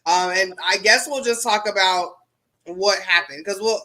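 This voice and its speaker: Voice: medium pitch, unhurried, pushed and bright. A podcast co-host talking in an informal, chatty way with lots of fillers. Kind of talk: casual chat.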